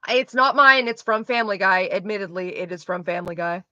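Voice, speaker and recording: Bright-voiced woman ranting animatedly. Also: mid-range voice, fast talker, dry recording. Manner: chatty, full of "like" fillers. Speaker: streamer. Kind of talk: casual live stream chat. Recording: slightly dull lo-fi sound.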